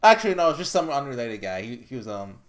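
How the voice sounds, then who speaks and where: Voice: medium pitch, sing-song, quick pace. A let's player giving casual commentary and reading game dialogue aloud, chatty and stumbling over lines now and then.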